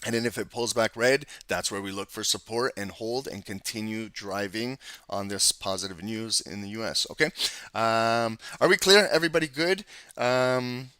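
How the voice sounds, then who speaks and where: Male trading instructor, casual and rambling with fillers, crisp bright tone, dry sound. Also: fairly low pitch, moderate pace, no room sound. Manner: casual, talkative, many ums and restarts. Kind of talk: live screen-share trading lesson.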